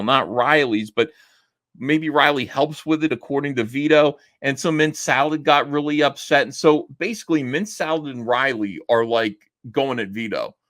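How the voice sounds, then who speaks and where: A man's voice: medium pitch, a bit bright. A middle-aged man hosting a stream, rambling and mocking as he gives a casual, profane rant. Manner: mimics others in raised voice when quoting. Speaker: streamer host.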